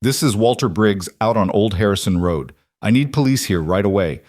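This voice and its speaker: A man voicing a seventy-two-year-old army veteran who speaks quietly and steadily under threat. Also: lowish voice, animated, moderate pace, dry recording, studio quality, natural voice. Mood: tense. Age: 70s.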